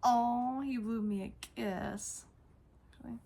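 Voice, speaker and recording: A woman's voice: fairly high pitch, fairly even intonation, slow, warm tone. A woman vlogger showing off her toys in a casual, gushing way, often repeating herself. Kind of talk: casual toy show-and-tell.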